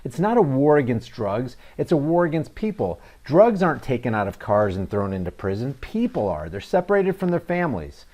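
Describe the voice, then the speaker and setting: A man's voice: mid-range voice, sing-song, brisk, hardly any pauses, warm tone. A man hosting a reaction video, talking in a sarcastic, mocking commentary style. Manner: mocking, emphatic, with scornful asides.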